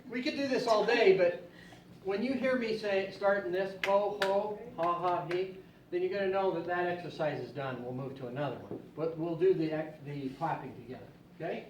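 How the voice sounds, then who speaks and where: Upbeat male laughter yoga leader, higher voice, distant, echoey room. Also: brisk, background noise. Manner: upbeat, coaxing, calls out cheers. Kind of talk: leading a group laughter exercise. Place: indoor room with a group.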